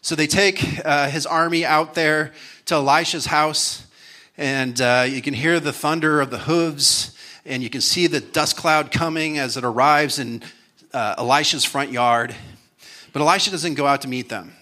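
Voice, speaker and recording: A man's voice: fairly high pitch, moderate pace, pushed and bright. A man speaking at a conference, casually and jokily retelling a Bible story, with many fillers. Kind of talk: storytelling sermon.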